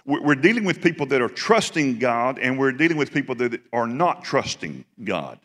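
A man's voice: mid-range voice, sing-song, moderate pace, fairly bright tone. A man preaching a Sunday sermon. He talks with emphasis, repeats phrases and asks the congregation questions. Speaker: pastor. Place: large church sanctuary. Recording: long echo of a church hall.

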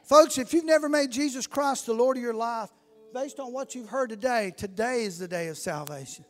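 A preacher with a strikingly high voice tells his story and builds to fervent cries. A long reverb from a large church hall trails each phrase. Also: moderate pace, soft background music. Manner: storytelling, rising to fervent shouts. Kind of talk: sermon.

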